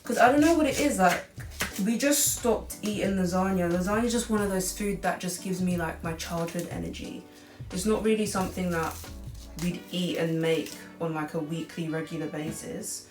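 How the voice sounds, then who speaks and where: A rambling, chatty teenage girl talks her way through a home cooking video, her voice sitting slightly low. She is caught from across an echoey kitchen, so the sound is roomy and distant. Music plays clearly underneath. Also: normal speed, a little mellow. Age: late teens. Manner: chatty and rambling, heavy use of "like". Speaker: cooking vlogger. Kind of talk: casual cooking vlog chat. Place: home kitchen, seated at the counter. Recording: echoey room, far from mic, music behind.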